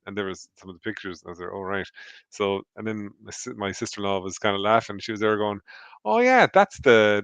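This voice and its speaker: An Irish man with a fairly low voice tells a meandering personal story in a relaxed, chatty way. The recording is dry and close, with no room sound. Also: no echo, dull audio. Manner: rambling anecdotal storyteller. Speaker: podcast co-host on a charity stream. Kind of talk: casual storytelling. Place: home.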